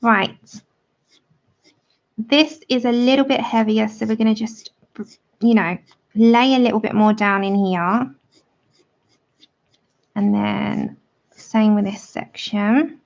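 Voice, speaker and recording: A woman's voice: fairly high pitch, steady tone, slow, vocal fry, pauses often, highs cut off. A woman hosting a live colouring tutorial, chatting with viewers by name and laughing often as she works. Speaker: art livestream host.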